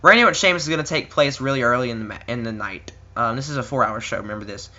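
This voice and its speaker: Young male vlogger, bright edgy voice, rambling casual predictions, muffled lo-fi home mic. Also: mid-range voice, very fast. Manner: rambling, many ums and uhs, chuckling asides. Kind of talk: casual solo commentary.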